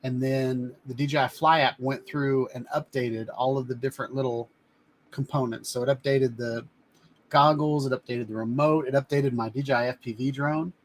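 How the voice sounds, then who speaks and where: A man's voice: medium pitch, steady tone, normal speed, slight background noise. A man hosting a casual live stream from a home studio, chatting in a rambling way as he shows items to the camera. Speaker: live-stream host reviewing drones.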